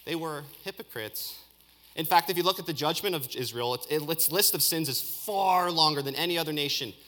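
A man preaching a sermon in an animated way, building to loud peaks and restarting phrases often. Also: on the high side, fairly quick. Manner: speaks with frequent restarts and filler words.

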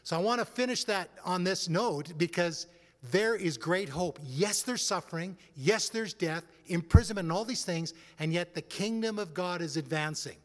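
A man's voice: sits high, moderate pace, in a large hall. A man preaching a sermon as a pastor, building to fervent exhortation with frequent restarts. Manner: rising into fervent preaching, stumbles over restarts.

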